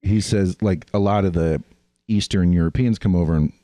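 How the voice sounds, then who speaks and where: A man's voice: deep voice, moderate pace, mellow, no room sound, clean studio sound. A man co-hosting a podcast, telling travel stories in a casual, profane way and mimicking the people he met. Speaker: podcast co-host. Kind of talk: casual chat, storytelling.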